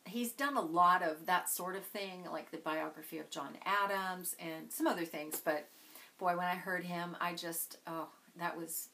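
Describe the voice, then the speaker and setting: A woman with a low-set voice talks about her favorite books with gushing enthusiasm. Her tone is bright and forward, and her delivery is loose and conversational. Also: rough recording. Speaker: book vlogger. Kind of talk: casual chat.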